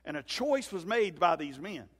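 Folksy preacher, high and echoing. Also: male voice, normal speed, husky. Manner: folksy, animated, acts out scenes in comic voices. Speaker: pastor. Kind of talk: sermon. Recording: hall reverb.

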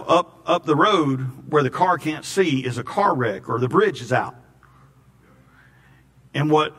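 A man's voice: mid-range voice, fairly bright tone. A man preaching a sermon in a folksy, storytelling way, often repeating words. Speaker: pastor.

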